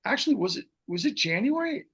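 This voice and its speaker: A man's voice: sits high, very animated, a little fast, vocal fry, a bit bright, husky. A middle-aged man hosting a podcast, ranting about politics in a fiery, rambling way with many restarts. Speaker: podcast host. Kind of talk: impassioned political talk.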